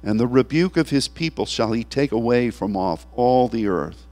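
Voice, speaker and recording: A male pastor delivers an animated sermon in a middle-range voice, tearful as he preaches. He acts out the voices he quotes and laughs between lines. A faint mains hum runs underneath. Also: medium pitch, moderate pace.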